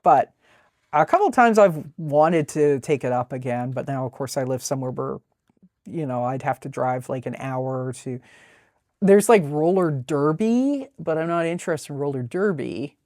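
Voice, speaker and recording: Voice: medium pitch, animated, normal speed, darkish tone, no room sound, clean studio sound. A webcomic artist casually narrating a sketchbook tour, talking in a rambling, chatty way with many fillers.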